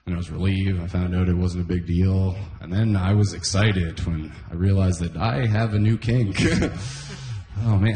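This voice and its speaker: A young male comedian from Canada works through a stand-up set with a fairly low voice, often laughing at his own lines. The sound is roomy, like a club stage. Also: a little mellow. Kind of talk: stand-up routine.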